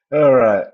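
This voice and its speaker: A man hosting a livestream, casually chatting with viewers and saying goodnight in a relaxed way. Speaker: livestream host. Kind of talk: casual stream sign-off. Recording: dull lo-fi audio.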